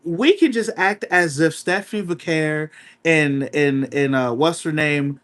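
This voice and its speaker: A man co-hosting a casual wrestling podcast, talking emphatically, repeating himself and filling pauses with "uh". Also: on the high side. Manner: animated, emphatic, repeats himself with many fillers. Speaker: podcast co-host.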